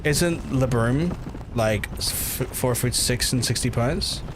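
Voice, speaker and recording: A man's voice: medium pitch, takes it slowly, background noise. A man with a Belfast accent streaming a game, chatting to his viewers in a joking, rambling, foul-mouthed way. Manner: joking, profane, rambling asides to chat. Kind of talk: casual gameplay commentary. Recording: game sounds under the voice.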